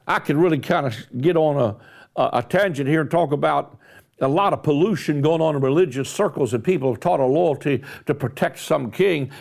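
A man's voice: fairly high pitch, vocal fry. A man preaching a sermon, emphatic, repeating and stressing words for effect, with rising bursts of intensity.

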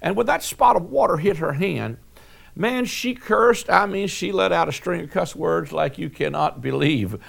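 A man's voice: a little high, animated, moderate pace, gravelly, fairly bright tone. A male pastor preaching a sermon, reading scripture and telling folksy personal stories with many fillers and restarts.

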